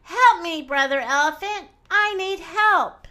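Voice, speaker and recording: A woman reading a storybook aloud, voicing a small, boastful boy hunter in a high, eager voice. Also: very animated, slow, sharp tone, heavily acted. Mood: pleading.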